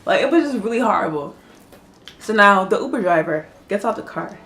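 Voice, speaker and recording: A woman telling a personal story in a casual vlog, animated, laughing often and swearing freely. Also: medium pitch, brisk.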